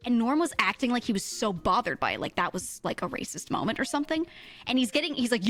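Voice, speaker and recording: A woman's voice: on the high side, wildly swooping pitch, fast talker, fairly bright tone, faint music behind. Rambling, profane streamer woman. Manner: rambling, profane, laughs often, self-correcting. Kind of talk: casual stream chat, storytelling.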